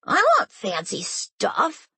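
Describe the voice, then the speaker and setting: A woman voicing a rowdy seven-year-old boy who shouts and whines. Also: mid-range voice, very animated, takes it slowly, breathy edge, no room sound, full character voice. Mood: whiny. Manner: loud, shouty, whiny.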